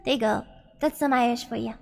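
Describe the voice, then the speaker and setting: High-pitched girl streamer chatting between songs, slow and playful, faint music behind. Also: vocal fry, in a large hall. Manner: chatty, reads chat aloud, playful complaints. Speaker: streamer singing karaoke. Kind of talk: karaoke stream chat. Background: karaoke backing track.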